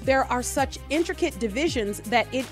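A woman's voice: sits high, animated, moderate pace, faint music behind. A woman hosting a faith podcast, chatting casually and animatedly, often giggling while she reads aloud. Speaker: podcast host. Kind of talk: casual chat about faith.

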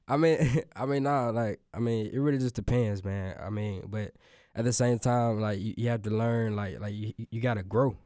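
A man talking casually on a faith talk show, relaxed and hesitant with many fillers. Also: lowish voice, normal speed, no echo, studio quality.

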